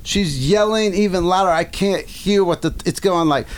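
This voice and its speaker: Animated man telling a story. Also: high-pitched, moderate pace. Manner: animated storyteller, acts out yelling and voices, swears. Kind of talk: casual storytelling chat.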